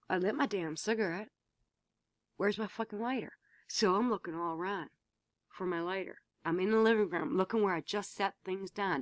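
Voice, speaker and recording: A woman's voice: medium pitch, no room sound. Woman vlogging from home, blunt and sweary, keeps repeating herself, dry close sound. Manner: blunt, swears freely, repeats herself, rising to emphatic outbursts. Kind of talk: casual storytelling to camera.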